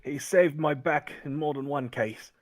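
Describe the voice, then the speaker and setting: A man's voice: on the high side, measured pace, pitched above the performer's own voice. A man voicing an easygoing, wry male priest in a tabletop game. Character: friendly male priest companion.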